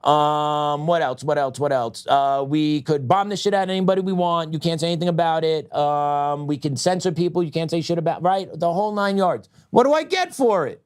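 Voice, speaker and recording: A middle-aged man hosting a political talk show, ranting heatedly, with loud outbursts that drop into quieter reflection and frequent laughs. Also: fairly high pitch, steady tone, a little fast, hardly any pauses, clean tone. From United States.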